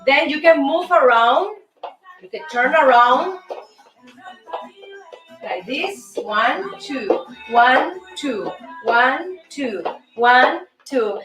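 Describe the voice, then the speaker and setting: High-voiced woman teaching salsa steps. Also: expressive, drawn-out words, reverberant, recorded from a distance, over music. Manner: counts steps aloud, chatty and playful. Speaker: host and dance teacher. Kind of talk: casual dance lesson.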